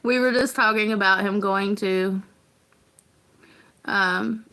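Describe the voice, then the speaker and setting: A woman hosting a casual livestream, talking in an earnest, rambling, halting way as a parent. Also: mid-range voice, fairly even intonation, sharp tone. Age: adult parent. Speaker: livestream host.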